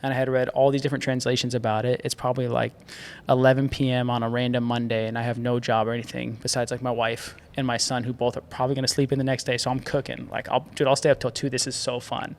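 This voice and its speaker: A man in his thirties telling a story in a casual, animated podcast chat, saying "bro" and "dude" a lot and laughing often. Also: mid-range voice, fast. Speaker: podcast guest, agency founder.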